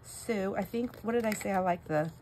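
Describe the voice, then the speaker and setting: A woman's voice: mid-range voice, moderate pace, darkish tone, a little hiss or hum. A middle-aged woman hosting a crafting vlog, telling family stories in a rambling, self-interrupting way while she stamps. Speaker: crafting channel host. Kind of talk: casual chat while stamping.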